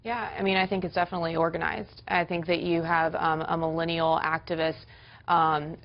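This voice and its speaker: A woman who was a political spokesperson, speaking in a measured way with filler pauses during a TV debate. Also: sits low, little pitch movement. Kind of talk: televised debate. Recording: dull broadcast audio.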